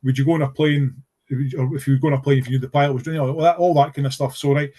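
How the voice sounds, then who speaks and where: A middle-aged Scottish man talking in a relaxed, earnest way as a podcast guest, circling back with fillers and false starts as he tells a story. His voice sits at an ordinary middle pitch for a man. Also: very fast, breathy edge. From Scotland. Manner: rambling, many fillers and restarts, earnest. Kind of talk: casual conversational storytelling.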